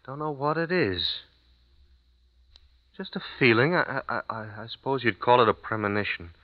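A man's voice: mid-range voice, animated, moderate pace, lightly acted. An actor playing an American writer traveling abroad with his wife, hesitant and stammering when he feels uneasy. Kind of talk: radio drama acting. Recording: dull lo-fi old recording.

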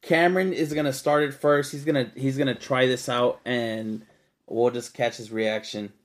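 A man's voice: medium pitch, steady tone, moderate pace. A young man hosting a casual podcast, talking loosely and animatedly and swearing freely, calling his co-host dude and bro. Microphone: podcast studio mic.

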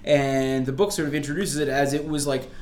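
A man in a casual chat, asking lively questions and laughing in disbelief. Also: medium pitch, fairly quick. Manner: animated, questioning, laughs, incredulous.

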